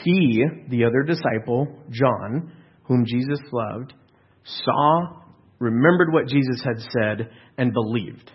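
A man's voice: mid-range voice, slow, husky, highs cut off. A man preaching a sermon in an earnest, emphatic way, with rhetorical questions and frequent restarts. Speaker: pastor.

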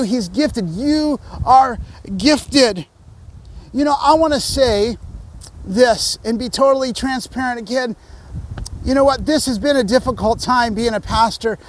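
A man, a pastor, preaching a sermon and speaking earnestly and directly to his listeners. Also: extremely high pitch.

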